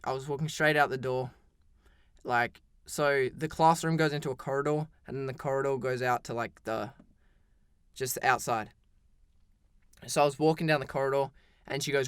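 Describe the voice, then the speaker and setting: A teenage boy tells a story in a casual, rambling way, saying "like" constantly and often restarting. His mid-range voice is smooth and a bit bright, recorded cleanly in a studio with no room sound.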